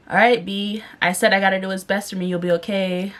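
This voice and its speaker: A young woman vlogging a text prank on her boyfriend, chatting casually, giggling and reading song lyrics out slowly. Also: medium pitch, fairly bright tone. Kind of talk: casual vlog narration.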